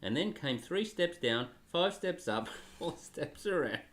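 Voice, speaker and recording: A man's voice: fairly high pitch, lively intonation, a little slow, a bit bright. A man, a father, reading a children's story aloud with playful, laughing asides. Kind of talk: storybook reading with jokey family banter.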